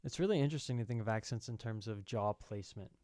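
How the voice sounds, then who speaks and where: Smooth-voiced man hosting a chat. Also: lowish voice, quick pace, a little mellow, no room sound, clean studio sound. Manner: friendly, encouraging moderator. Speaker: stream host. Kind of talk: casual stream chat.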